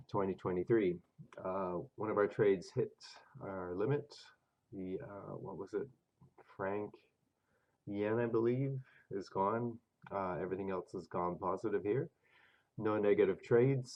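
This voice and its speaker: A man's voice: fairly low pitch, unhurried, dull audio. A man with a cold and a stuffed-up voice, walking through trading charts in a casual, hesitant way with many fillers. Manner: thinking aloud with hesitant fillers. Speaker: forex trading video host.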